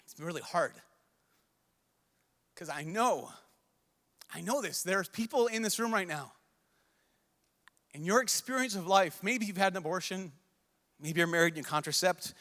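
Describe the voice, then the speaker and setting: A young priest with a high, bright, forceful voice delivers an earnest, pleading sermon to a large crowd at a youth conference, repeating himself as he speaks. The emotional address fills a large conference hall, and the recording carries long hall reverb.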